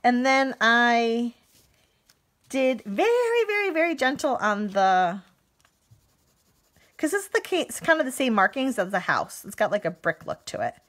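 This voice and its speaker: A chatty woman in her thirties leads a live card-making demo from her home craft room, giggling often as she answers comments. Her fairly high voice swings up and down with lots of lively movement. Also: unhurried, long pauses.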